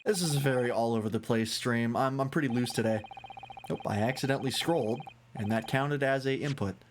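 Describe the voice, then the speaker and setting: A man's voice: medium pitch, brisk, slight background noise. A man streaming a game, chatting casually, swearing and joking about himself. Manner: loose, self-mocking, swears casually. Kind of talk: casual gameplay commentary.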